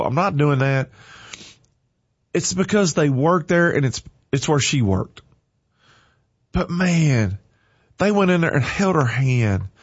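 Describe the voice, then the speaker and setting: Man, crying, fervent, folksy, lively pitch swings, dry close sound. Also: slightly rough, no echo, lo-fi sound. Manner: fervent, tearful, folksy and heartfelt. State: teary-eyed, crying. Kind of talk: emotional on-air talk.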